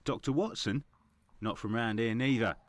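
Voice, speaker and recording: A man's voice: mid-range voice, normal speed, no echo, close to an everyday voice. A man voicing a courteous Victorian doctor. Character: polite male Victorian doctor.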